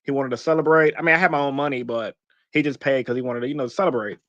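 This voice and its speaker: A man's voice: mid-range voice, fairly even intonation, fast talker, a bit bright, no room sound, muffled recording. A middle-aged man on a podcast, telling a story with lots of swearing and laughter. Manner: profane storyteller, laughs often. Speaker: podcast guest. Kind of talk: casual podcast chat.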